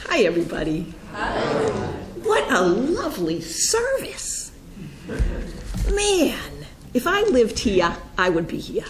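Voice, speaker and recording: A woman's voice: on the high side, slow, long pauses, echoey room, background noise. A middle-aged woman with a Boston accent, telling a personal story to a congregation in an earnest, storytelling way. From Pennsylvania. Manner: earnest, storytelling, lively quoted dialogue. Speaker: guest speaker.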